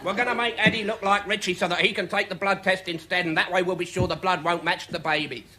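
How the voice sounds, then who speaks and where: A man's voice: high voice, fairly even intonation, fast, sharp tone. An actor with a British accent playing a sarcastic, scheming male agent in a studio sitcom, heard over a live audience. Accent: British English.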